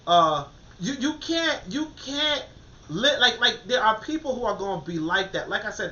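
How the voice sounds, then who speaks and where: A man's voice: extremely high pitch, pushed and bright. A man hosting a podcast in casual motivational talk, emphatic and repetitive, full of fillers and restarts. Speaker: podcast host. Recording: dull lo-fi recording.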